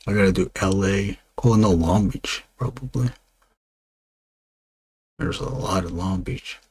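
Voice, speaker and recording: Low, slightly raspy man; loose, rambling chat with restarts while he draws. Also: unhurried, a little mellow. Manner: meandering, lots of fillers and restarts. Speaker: illustrator streaming his drawing.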